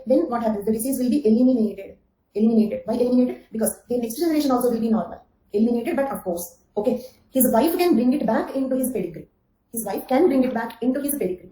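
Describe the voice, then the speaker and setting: An anthropology teacher, a woman with a slightly high, warm voice, runs an online exam-coaching lecture in which she repeats key phrases, checks in with "okay?" and calls on students by name. The room echoes and the audio quality is poor.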